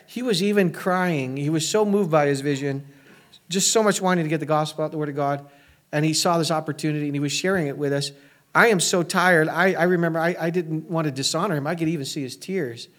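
A pastor giving a conversational sermon to his church, with frequent fillers and restarts. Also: on the high side.

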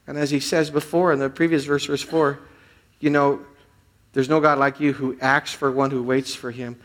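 A male pastor preaching a sermon in an earnest voice, swinging between loud pleading and hushed prayer. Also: mid-range voice, level tone, moderate pace.

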